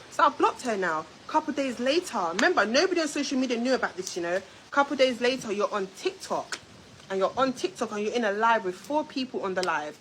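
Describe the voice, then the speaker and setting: A young woman telling a story on a live stream, talking straight to her viewers in a confrontational, animated way. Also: on the high side, brisk, slight background noise, low-quality recording. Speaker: YouTube storyteller. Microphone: phone or webcam on a live stream.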